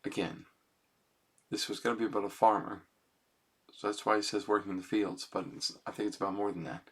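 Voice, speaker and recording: A man talking casually into his computer's webcam mic, rambling and self-conscious and often adding "man" and "you know", then quietly reciting his own song lyrics. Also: on the low side, steady tone, fairly quick, slightly rough. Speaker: amateur songwriter.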